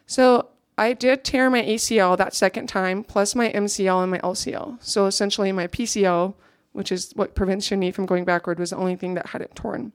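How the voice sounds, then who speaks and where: A woman's voice: medium pitch, steady tone, fairly quick, hardly any pauses, clean tone, dry recording, studio quality. A young woman giving an earnest, reflective personal testimony to a gathering, now and then checking her notes.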